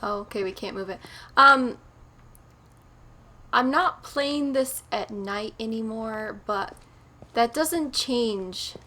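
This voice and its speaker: A woman's voice: on the high side, slow, long pauses, sharp tone. A woman hosting a horror game let's play, chatty and nervous, talking to herself as she explores. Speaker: gaming channel host.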